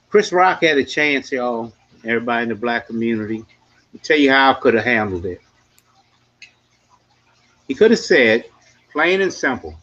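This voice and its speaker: A man's voice: medium pitch, fairly bright tone. A man hosting a live podcast panel, talking emphatically and preaching to the audience with sports comparisons. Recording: dull lo-fi sound.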